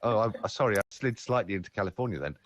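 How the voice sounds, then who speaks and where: A man's voice: fairly low pitch, expressive, racing. A man who works as a voice-over artist and speaker, talking playfully and theatrically in a podcast conversation.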